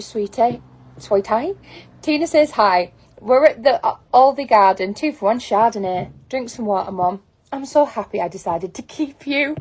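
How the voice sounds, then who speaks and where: A woman reading funny posts and signs aloud, breaking into high wheezing laughter between lines. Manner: reads lines deadpan then cracks up. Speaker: comedy video creator.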